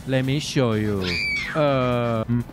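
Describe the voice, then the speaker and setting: Man, gameplay commentary, sarcastic, exasperated, swears, average pitch, faint music behind. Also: takes it slowly. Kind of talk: let's play commentary.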